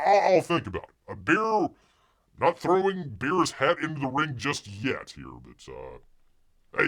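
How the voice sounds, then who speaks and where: Animated man hosting a live stream. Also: medium pitch. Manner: refers to himself in the third person, halting with many restarts. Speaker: live show host. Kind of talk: casual live-stream chat.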